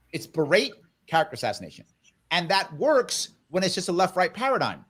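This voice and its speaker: Animated, emphatic man guest. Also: sits high. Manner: emphatic, persuasive. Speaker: political guest. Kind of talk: interview conversation.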